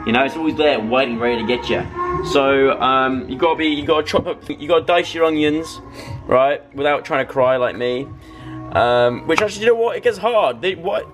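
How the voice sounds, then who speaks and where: A young man in his twenties vlogging as he cooks in his home kitchen, talking to the camera in a rambling, self-mocking, excitable way. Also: fairly high pitch. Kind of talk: casual chatty cooking vlog. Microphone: camera mic, talking to camera.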